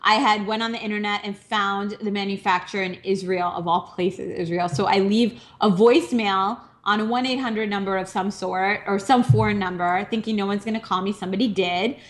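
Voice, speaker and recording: A woman's voice: mid-range voice, fairly even intonation, fairly quick, few pauses. A woman in her thirties from Minnesota, telling her startup story as a speaker in a candid, conversational way, with self-deprecating humor and many fillers. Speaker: entrepreneur speaker. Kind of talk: personal story talk. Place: live virtual speaker broadcast.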